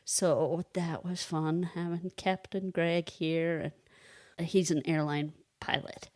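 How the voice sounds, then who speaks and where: A woman with a lowish, slightly mellow, steady voice speaks slowly with no echo. She co-hosts a podcast and teaches kindergarten reading, chatting casually and telling stories with plenty of laughter.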